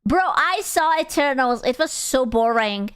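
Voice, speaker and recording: A woman's voice: high voice, animated, a little slow, fairly bright tone, clean tone, no echo, clean studio sound. A young woman streaming, chatting casually with her viewers; she is crude, teasing and playful, and laughs often. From Europe. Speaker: VTuber streamer.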